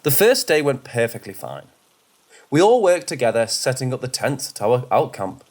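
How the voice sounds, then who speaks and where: Man, horror story narrator, mid-pitched voice, steady measured reading. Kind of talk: scripted first-person narration.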